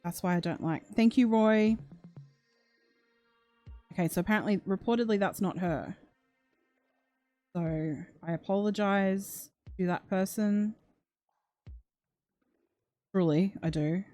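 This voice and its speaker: Female true crime streamer, warm low-key tone, talking to chat, emotional. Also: takes it slowly, pauses often, no room sound, soft background music. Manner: chatty, reacting to chat and reading comments; emotional, gasps, close to tears. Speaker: true crime channel host. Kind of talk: casual livestream commentary.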